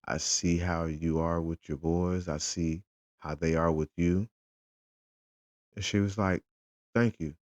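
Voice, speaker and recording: A man's voice: low voice, slow pace, long pauses, no echo. A father, casually retelling his day as a fan and acting out the conversations he had. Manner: animated, retells conversations in quotes. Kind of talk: casual storytelling vlog.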